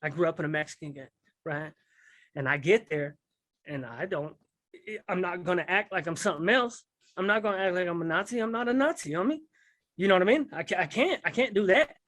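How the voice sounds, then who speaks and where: A man's voice: sits high, a little fast, fairly bright tone, no room sound. A man telling a rambling story in casual street slang, often checking in with his listener. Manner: rambling street slang, keeps asking "you know what I mean". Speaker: guest recounting prison life.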